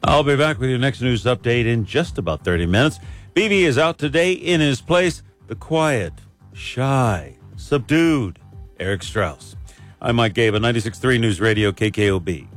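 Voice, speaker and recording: A man anchoring a radio newscast, reading headlines in a steady, measured delivery into a studio microphone. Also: medium pitch, soft background music.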